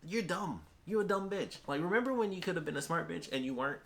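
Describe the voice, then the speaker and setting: A man's voice: on the high side, expressive, quick pace, creaky, a bit bright, voice pushed up. A man voicing a sneering adult male villain who mocks his fallen boss in a taunting tone. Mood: mocking. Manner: taunting, mocking.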